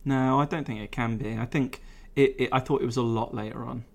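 A man's voice: mid-range voice, steady tone, fairly quick, gravelly. A man co-hosting a casual podcast chat, swearing freely and laughing often. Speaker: podcast co-host.

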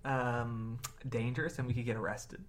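A man's voice: medium pitch, steady tone, normal speed, a little hiss or hum. A man co-hosting a podcast in casual chat, rambling and laughing often. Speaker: podcast co-host.

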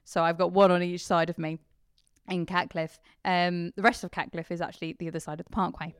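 A woman's voice: fairly low pitch, level tone, a little fast, smooth, no room sound, clean studio sound. A woman vicar with a mixed English accent, with traces of Kent and Yorkshire, chatting as a podcast guest and laughing often. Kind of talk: casual interview chat.

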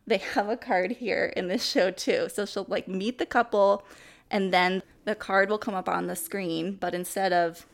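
A woman co-hosting a podcast in casual chat, animated and laughing as she acts out quoted lines. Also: medium pitch, moderate pace, creaky. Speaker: podcast co-host.

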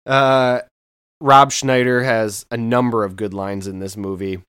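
A man's voice: medium pitch, level tone, unhurried, a bit bright, smooth, no room sound, studio quality. A man in his thirties co-hosting a podcast, retelling a movie with enthusiasm and rambling through plenty of filler words. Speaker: podcast co-host. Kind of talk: casual podcast chat.

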